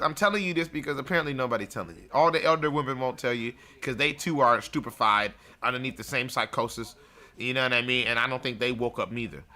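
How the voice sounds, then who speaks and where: Sharp-toned man ranting bluntly. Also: mid-range voice. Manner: blunt, profane, mocking, laughs at his own jokes. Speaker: show host. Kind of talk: ranting livestream monologue.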